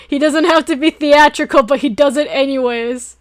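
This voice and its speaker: A young woman with a strikingly high voice chats casually during a late-night stream, talking at a normal speed with few pauses. She drifts from one thought to the next, giggling and gushing to her viewers with excitable energy.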